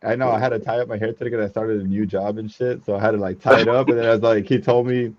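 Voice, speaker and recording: Lower-voiced excitable man on a lo-fi call. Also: quick pace, no room sound. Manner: excitable, laid-back slang. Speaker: livestream guest. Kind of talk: casual chat on a video call.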